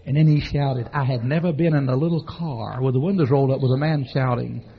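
A man who is a Baptist preacher, telling a folksy, animated story in a sermon and acting out the shouting and laughter. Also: mid-range voice, brisk. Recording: dull lo-fi recording.

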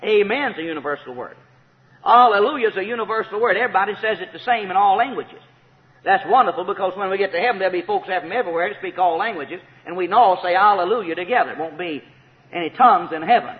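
High-voiced preacher in an echoing hall. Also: male voice, lively intonation, quick pace. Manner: emphatic, repeats key phrases, rises to shouts of praise. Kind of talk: sermon. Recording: tinny phone-like sound with long hall reverb.

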